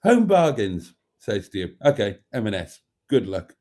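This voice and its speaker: A British man hosting a casual livestream, reading viewer comments aloud and joking back, with chuckles and throat-clearing. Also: lowish voice, big pitch swings, a little slow, warm tone. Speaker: livestream host.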